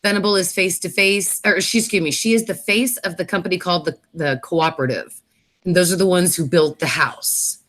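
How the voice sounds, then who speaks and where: A woman with a somewhat low voice hosts a casual show review. She walks through the plot piece by piece, stopping for ums and correcting herself as she goes. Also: fairly quick, a bit bright. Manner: recounts plot with frequent fillers and self-corrections. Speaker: host. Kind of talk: casual episode review chat.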